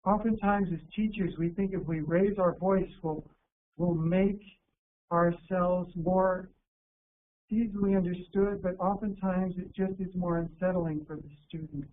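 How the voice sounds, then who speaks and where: A man from the United States giving an instructional workshop talk to teachers, calm and deliberate, slowing down to stress key words. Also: high-pitched. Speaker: teacher educator presenting a workshop. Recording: narrow phone-like sound with faint hiss.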